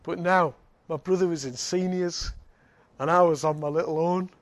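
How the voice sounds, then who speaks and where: A high-pitched man, preaching from the pulpit. He tells his stories with animated energy, often laughing and restarting his sentences. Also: normal speed, no room sound. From Northeast England. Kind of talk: sermon with a personal story.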